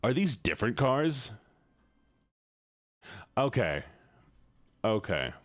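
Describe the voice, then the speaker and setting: Animated male streamer chatting. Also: mid-range voice, slow, no echo, studio quality. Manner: joking, swears often, talks to chat. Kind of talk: casual livestream chat.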